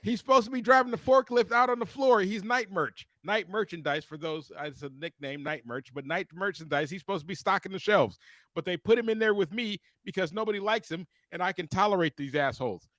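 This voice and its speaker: A podcast co-host, a man with a fairly high voice, tells a story as a heated, profane rant on a casual show. He talks a little fast, animated and cussing constantly. The recording is dry and close, with no room sound.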